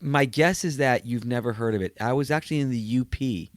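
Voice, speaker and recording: A man's voice: mid-range voice, a little fast, dry recording, clean studio sound. A male comedian, a guest on a casual podcast, telling road stories in a conversational way. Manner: storytelling, acts out voices of people he met.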